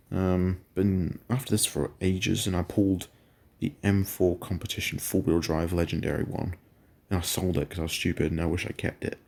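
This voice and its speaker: A man's voice: deep voice, gravelly, a little mellow. A man giving casual, rambling game commentary, often stopping to correct himself. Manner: rambling, self-correcting, chatty. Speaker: gaming channel host.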